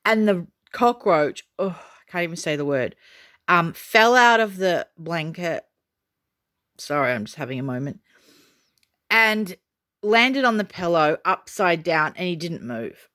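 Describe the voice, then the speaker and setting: A woman talks straight to camera in a casual vlog, her voice sitting a little low. She is chatty and excitable and fills her pauses with ums. The delivery is loose and conversational. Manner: chatty and excitable, many fillers. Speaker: doll collector vlogger.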